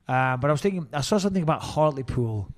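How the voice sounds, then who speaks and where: Rambling, sweary English man, slightly high. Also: animated, fast. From England. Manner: swears freely, rambling storyteller. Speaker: podcast co-host. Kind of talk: casual podcast chat.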